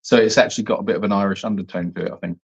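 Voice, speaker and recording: A man's voice: very fast, vocal fry, slightly rough, lo-fi sound. A man co-hosting a live Q&A chat from an animal sanctuary, joking and bantering with his co-host. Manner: jokey, playful banter with lively pitch swings.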